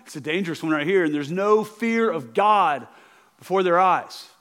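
Male pastor, fairly high voice, earnest sermon delivery, big reverberant hall. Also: normal speed, fairly bright tone. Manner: earnest, repeats words, asks okay to the congregation.

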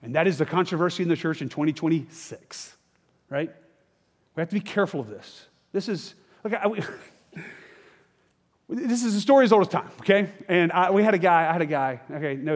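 A man's voice: fairly high pitch, fairly quick, in a large hall. A man preaching a sermon as pastor, talking in a conversational, emphatic way and often checking in with his listeners.

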